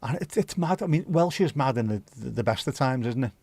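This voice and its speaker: A man's voice: medium pitch, lively intonation, fairly quick, a little mellow, breathy edge, no room sound. Middle-aged scouse guy rambling to his stream chat, swears a lot, dry close sound. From Liverpool, England. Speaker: livestream host. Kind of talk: casual chat to live chat.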